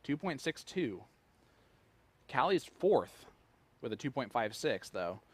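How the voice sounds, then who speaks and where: Man, darts commentator, chatty, joking, reads out stats, mid-pitched voice. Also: sing-song, takes it slowly, darkish tone, husky, no echo. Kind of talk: live sports commentary.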